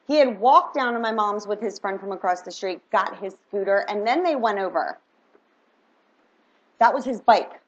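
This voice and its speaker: A middle-aged woman telling a story in a casual, animated vlog, chatty and full of "like" and "right?". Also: medium pitch, moderate pace. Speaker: vlogger. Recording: dull lo-fi recording.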